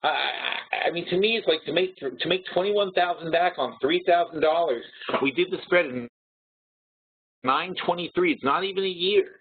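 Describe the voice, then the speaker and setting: A man's voice: a little high, moderate pace, breathy edge. Blunt man on a tinny line. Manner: blunt, talks through numbers aloud with restarts. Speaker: webinar host. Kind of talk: casual trading webinar. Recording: tinny phone-like audio.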